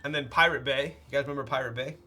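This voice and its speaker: Bright-voiced man chatting casually on stream. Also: medium pitch, fast, faint music behind. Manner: rambling and playful, many fillers. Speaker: streamer building a keyboard. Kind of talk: casual live-stream chat.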